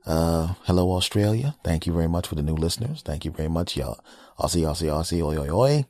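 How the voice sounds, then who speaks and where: A man's voice: sits low, animated, fast, a little mellow. A man hosting his own podcast, riffing in a brash, joking, profane casual monologue. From United States. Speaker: podcast host.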